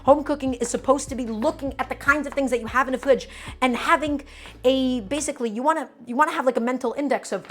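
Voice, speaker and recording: Speaking quickly in a high voice, a woman chops vegetables during a live cooking stream in her home kitchen. She's enthusiastic and repeats herself, treating her viewers like friends.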